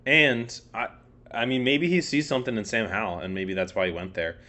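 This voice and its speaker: A young man with a lowish, steady voice rambles about football at a brisk pace, sounding bright and forceful. He's a podcast co-host in a casual sports chat, dropping frequent fillers and swearing often.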